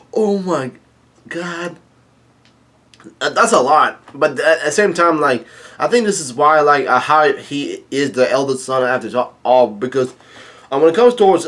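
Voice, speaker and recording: A man's voice: medium pitch, fairly bright tone. Hesitant man reading a comic aloud. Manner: hesitant, many fillers and restarts. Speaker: manga chapter reader. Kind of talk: casual manga read-through with comments.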